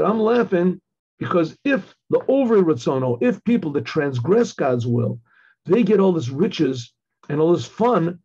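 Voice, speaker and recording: An older man, a rabbi, giving a Torah class, telling a story in a halting way with many restarts and frequent throat clearing. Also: a little high, warm tone, muffled recording. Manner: halting, repeats words, clears throat often. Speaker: rabbi teaching.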